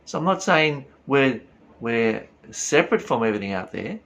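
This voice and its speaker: A man's voice: medium pitch, big pitch swings, moderate pace, creaky, a bit bright. A man giving a reflective spiritual talk, earnest and full of rhetorical questions. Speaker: spiritual teacher.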